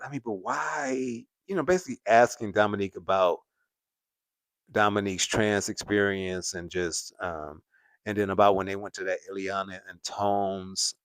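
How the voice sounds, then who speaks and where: A man's voice: on the low side, no echo. A man hosting a casual live-stream commentary, rambling and hesitant with lots of fillers and restarts. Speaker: commentary channel host.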